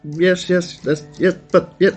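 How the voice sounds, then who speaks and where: A man doing a slow, placating boyfriend, nothing but weary yeses, guitar music behind. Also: high voice, steady tone. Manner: endless weary "yes" replies, placating. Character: man humoring his girlfriend on the phone.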